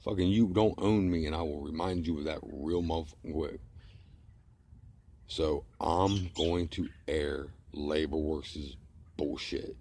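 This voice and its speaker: A man's voice: rumbling low, unhurried, dark tone. A middle-aged man ranting to camera in a blunt, heated, profane way. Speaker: vlogger. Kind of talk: angry casual rant to camera.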